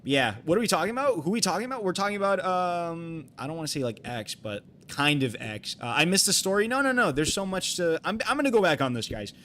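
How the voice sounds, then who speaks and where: A man's voice: high-pitched, big pitch swings, fast, hardly any pauses, sharp tone, slight background noise. A young man telling a long personal story on a live game stream, rambling with many fillers and restarts and swearing freely.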